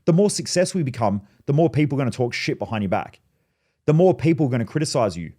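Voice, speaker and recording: A man's voice: medium pitch, sing-song, fast, warm tone. A man giving a blunt, fired-up motivational talk as a mindset coach, swearing freely and telling personal stories. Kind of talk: motivational monologue.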